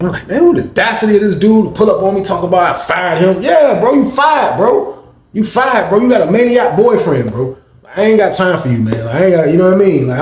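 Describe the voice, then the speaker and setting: A young man telling a rambling, slang-heavy story in casual storytime style, acting out the other people's lines. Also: medium pitch. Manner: slangy, rambling, acts out quoted voices. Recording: echoey room.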